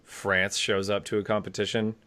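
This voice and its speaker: A man co-hosting a casual talk show, animated and rambling, swearing casually. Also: on the low side, normal speed. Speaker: co-host. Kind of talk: casual podcast chat.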